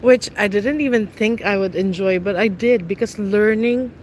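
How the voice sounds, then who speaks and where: A woman's voice: mid-range voice, normal speed, darkish tone, a little hiss or hum, rough recording. A middle-aged woman in casual, teasing chat with live viewers outdoors, laughing often. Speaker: vlogger. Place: outdoors on a city street.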